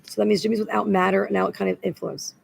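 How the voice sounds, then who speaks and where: A woman's voice: medium pitch, level tone, rapid-fire, vocal fry, slight background noise, rough recording. A woman in a rambling, agitated spoken monologue that loops back on the same words.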